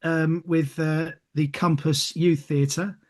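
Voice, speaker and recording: A man's voice: fairly high pitch, level tone, slow pace, darkish tone. A middle-aged man, chatting in an interview and telling stories, acting out other people's voices as he goes. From England. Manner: chatty storyteller, acts out voices in anecdotes. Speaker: actor being interviewed. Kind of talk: casual interview answers.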